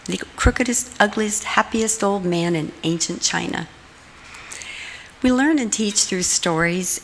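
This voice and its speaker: Woman speaking calmly in a church hall. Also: mid-range voice. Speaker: lay speaker. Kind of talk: reflective church talk. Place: church sanctuary. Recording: long hall reverb, faint room noise.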